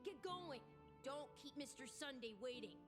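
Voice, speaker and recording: A woman's voice: high-pitched, animated, moderate pace, big-room sound. An actress playing a proud, boastful young woman in power armor in a video game, speaking in a bossy, self-satisfied way. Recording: game audio with clear background music.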